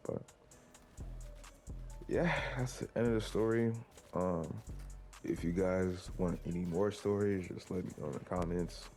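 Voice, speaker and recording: A man's voice: sits low, measured pace, gravelly, long pauses, warm tone, soft background music. A young man in his teens telling a rambling personal story to his viewers, full of likes and restarts. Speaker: vlogger. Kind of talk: casual storytelling to camera.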